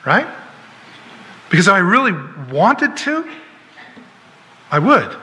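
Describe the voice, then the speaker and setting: A man's voice: sits high, very animated, unhurried, pauses often, bright, forceful tone, big-room sound, a little hiss or hum. A man preaching a sermon as pastor, emphatic, firing rhetorical questions and acting out little dialogues.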